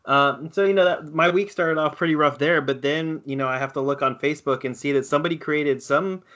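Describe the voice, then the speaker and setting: A man's voice: a little high, a little fast, fairly bright tone. A man who is a regular on a gaming podcast, chatting casually with wry venting. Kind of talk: casual chat. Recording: dull lo-fi audio.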